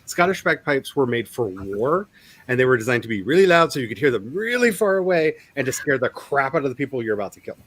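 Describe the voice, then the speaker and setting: A man's voice: medium pitch, big pitch swings, fast talker, fairly bright tone, no echo. A man who is an author hosting a casual writing live stream, rambling with chuckles and reading chat comments aloud.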